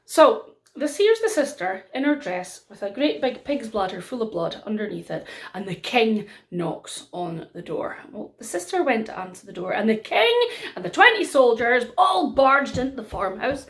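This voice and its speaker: A woman telling a folk tale to children, animated and dramatic, slowing for emphasis. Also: mid-range voice. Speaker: storyteller.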